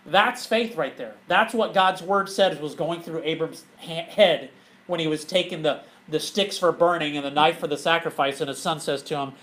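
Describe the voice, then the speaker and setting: A man, a pastor, teaching a Bible study to a group in a church, animated and often laughing as he asks questions. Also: fairly high pitch, normal speed, poor audio.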